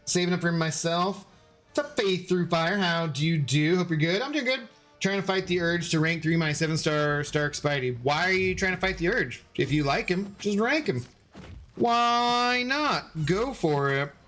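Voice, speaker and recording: A man's voice: high-pitched, expressive, normal speed, fairly bright tone, soft background music. A man streaming a game, rambling casually and answering viewers' chat messages as he plays. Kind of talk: casual live-stream chat while gaming.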